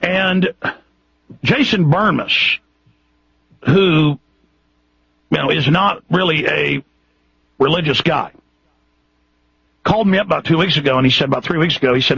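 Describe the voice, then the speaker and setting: A man's voice: a little high, measured pace, creaky, long pauses, fairly bright tone, slightly rough, no echo, muffled recording. A Texan man hosting a radio show, talking in an impassioned, rambling way with frequent restarts. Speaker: radio host. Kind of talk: radio monologue.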